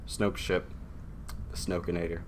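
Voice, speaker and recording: Low-voiced young man telling a story. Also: little pitch movement, a little hiss or hum. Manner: rambling, acts out lines in quick put-on voices. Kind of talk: casual group chat retelling a story.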